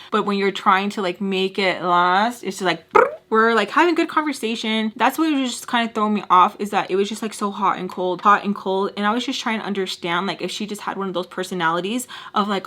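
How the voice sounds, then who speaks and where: A young woman vents her way through a storytime, leaning on "like" at every turn. She jumps into squeaky, high imitations whenever she quotes someone, then drops back to her own easy voice. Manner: animated, acts out other people's lines in quick high voices; heavy use of "like" fillers. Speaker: makeup artist and vlogger. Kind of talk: casual storytime rant.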